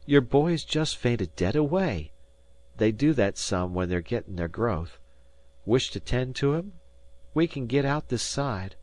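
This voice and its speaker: A man voicing a kindly, steady fisherman's wife who speaks softly and soothingly in an audiobook. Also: mid-range voice, unhurried, no room sound, voice pushed up. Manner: soft, soothing, hushed.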